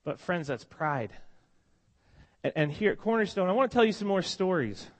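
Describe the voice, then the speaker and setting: A man's voice: sits high, big pitch swings, moderate pace. A man preaching a sermon to his congregation, telling stories in a conversational, heartfelt way with many restarts, while he has a cold. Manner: conversational, emotional storytelling with frequent restarts. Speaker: pastor. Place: church congregation meeting in a school.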